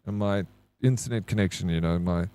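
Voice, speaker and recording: A man's voice: sits low, fairly quick, warm tone, clear, resonant tone, no echo. Chatty South African man streaming. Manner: chatty, swears freely, greets chat by name. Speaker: game streamer. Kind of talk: casual live-stream chat.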